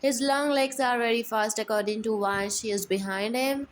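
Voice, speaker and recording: A woman's voice: fairly high pitch, normal speed, few pauses, low-quality recording. Woman reading a fan fiction story. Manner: simple, plain storytelling with grammar slips. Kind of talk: story narration.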